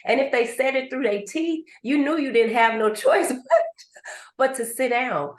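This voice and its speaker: A woman's voice: high-pitched, expressive, moderate pace. A woman hosting a conversation about grief, telling stories animatedly and acting out little voices in asides. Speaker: host and grief coach. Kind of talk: conversational podcast talk. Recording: echoey room.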